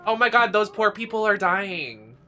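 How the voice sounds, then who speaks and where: A game streamer giving campy, sassy, playful live commentary with loud gasps and squeals. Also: mid-range voice, fairly even intonation, normal speed. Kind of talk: live let's-play commentary.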